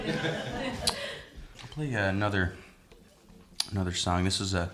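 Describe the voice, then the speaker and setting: A man's voice: sits low, slow pace. Laid-back man telling stories. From Newfoundland, Canada. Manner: relaxed, chatty, laughing asides. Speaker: singer-songwriter and storyteller. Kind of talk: live stage storytelling between songs. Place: small live listening-room venue.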